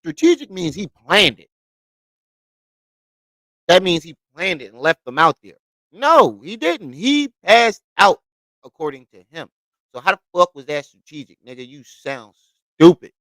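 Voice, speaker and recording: A man's voice: high voice, big pitch swings, unhurried, pauses often, bright, forceful tone, dry recording, low-quality recording. A man giving heated reaction commentary, scolding and mocking the person in the clip and repeating his points. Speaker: commentary host reacting to clips.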